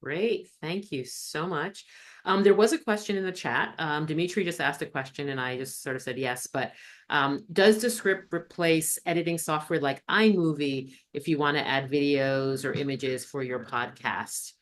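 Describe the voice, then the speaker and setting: A woman hosting an online webinar session, talking in a relaxed way with many fillers over a video call. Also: low voice, normal speed. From Canada. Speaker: host.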